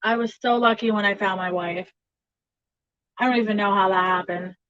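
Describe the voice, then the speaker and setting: A woman's voice: mid-range voice, fairly even intonation, normal speed, fairly bright tone, no echo. Chatty, giggly woman with a dull, dry sound. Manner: chatty, laughs often between remarks. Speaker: tarot reader. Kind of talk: casual livestream chat.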